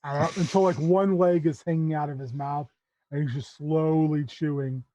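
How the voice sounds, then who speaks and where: A man's voice: fairly high pitch, fairly even intonation, moderate pace, dark tone, dry recording, rough recording. A man narrating as game master in a loose, rambling way, full of fillers.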